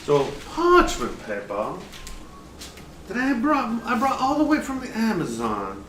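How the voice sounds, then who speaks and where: A man putting on a drawling old-fashioned Southern gentleman cook with a put-on Southern accent, speaking slowly and theatrically. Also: huge pitch swings, full character voice. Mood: hammy. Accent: American Southern drawl, put on. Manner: slow, theatrical, high drawl. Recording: roomy, distant, noisy home recording.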